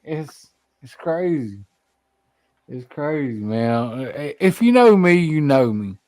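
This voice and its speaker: A man's voice: fairly high pitch, big pitch swings, takes it slowly, darkish tone. A man, hosting a casual talk show, rambling with many restarts and folksy swearing. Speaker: podcast host. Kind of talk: casual chat.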